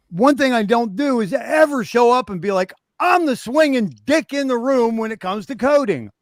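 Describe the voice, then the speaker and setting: A man's voice: on the high side, dry recording, clean studio sound. A man in his fifties talking candidly as a guest on a livestream, emphatic and profane as he rallies the listeners. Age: 50s. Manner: emphatic and profane, rallying talk. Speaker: stream guest.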